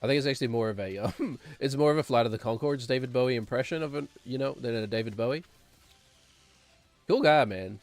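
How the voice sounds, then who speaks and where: A man's voice: mid-range voice, fairly quick, dry recording, soft background music. A man streaming a game, rambling and sarcastic, chuckling as he talks. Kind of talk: casual gameplay commentary.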